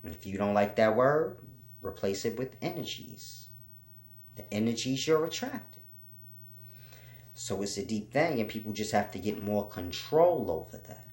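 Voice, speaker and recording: A man giving an informal spiritual teaching, slow and repetitive, spelling out letters for emphasis. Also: fairly low pitch, expressive, a little mellow. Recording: roomy echo.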